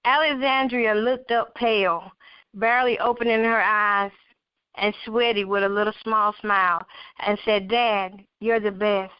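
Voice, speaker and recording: A woman's voice: mid-range voice, steady tone, normal speed, clean tone, dry recording. A woman reading her own story aloud, earnest, with occasional slips and asides. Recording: dull, dry lo-fi recording.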